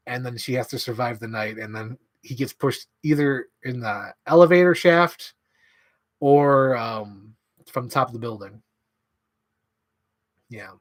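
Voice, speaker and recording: A man in an excited, rambling monologue, swearing freely and filling his talk with "like". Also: medium pitch, a little slow, long pauses. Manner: enthusiastic, profane, filler-heavy. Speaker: channel host.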